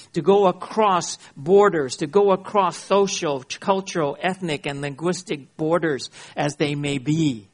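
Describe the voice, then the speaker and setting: A man pastor preaching a sermon, emphatic, often checking in with his listeners and reading scripture slowly. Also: fairly high pitch. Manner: emphatic, checks in with "You see?" and "Okay?"; reads scripture slowly and deliberately.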